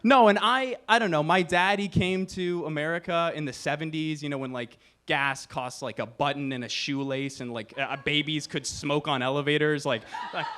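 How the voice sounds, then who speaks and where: Young guy doing standup on a club mic, kinda high voice, sharp and bright, swears a lot, lots of quick asides. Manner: animated, profane, quick asides and acted-out quotes. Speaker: stand-up comedian. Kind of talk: stand-up set. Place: comedy club stage.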